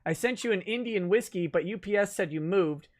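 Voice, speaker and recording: A man's voice: high-pitched, fairly quick, a little hiss or hum. A man hosting a casual livestream chat, reading out viewer comments and laughing often. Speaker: livestream host.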